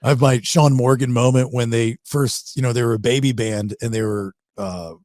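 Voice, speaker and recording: A man who hosts a radio and podcast show, chatting casually and telling animated stories from his years in radio. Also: mid-range voice, normal speed, no echo. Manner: animated storyteller, rising excitement in anecdotes. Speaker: radio host. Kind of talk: casual podcast chat, storytelling.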